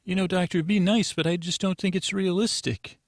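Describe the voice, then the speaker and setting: A man's voice: sits high, steady tone, a little fast, dry recording, studio quality, pitched above the performer's own voice. A man putting on a prim, dismissive receptionist at a bedtime story institute, polite but curt.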